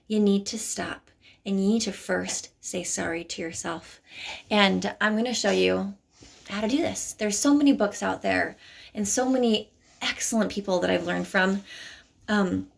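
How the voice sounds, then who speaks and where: A woman's voice: medium pitch, creaky. A woman giving a motivational self-help talk to camera at home, earnest and coaxing, often checking in with "okay?". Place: at home, moving to a bathroom mirror. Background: young children nearby.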